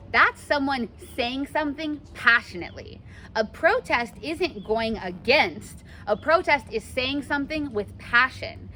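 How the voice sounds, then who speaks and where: A young woman teacher giving a chatty, animated lesson and acting out examples for her class. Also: on the high side, a little hiss or hum. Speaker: English teacher.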